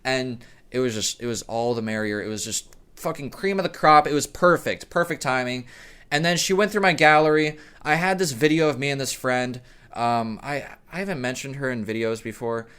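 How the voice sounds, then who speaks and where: A man's voice: mid-range voice, normal speed, fairly bright tone, clean tone. A young man telling a rambling, profane story in a casual vlog, often correcting himself. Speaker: storyteller vlogger.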